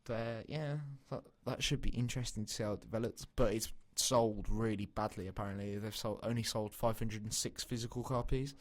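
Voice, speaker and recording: A man's voice: lowish voice, steady tone, fairly quick, hardly any pauses. A young man with a Birmingham accent, co-hosting a podcast, chatting and giving opinions. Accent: Birmingham English. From Birmingham, England. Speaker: podcast co-host. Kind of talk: casual chat.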